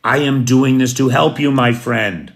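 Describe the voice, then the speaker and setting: A man doing a smooth, falsely friendly oil prince, gravelly in tone, who soothes an old partner while quietly scheming. It is played close to the performer's own voice, as an offhand sketch. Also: medium pitch, measured pace, lightly acted. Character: smooth-talking male oil prince, apologetic yet scheming.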